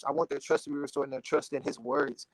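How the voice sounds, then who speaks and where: A man's voice: medium pitch, level tone, fast, noisy background. A man in his twenties from Dallas, a gospel artist talking in a casual interview, earnest and emotional with lots of "you know"s. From Dallas, Texas. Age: 20s.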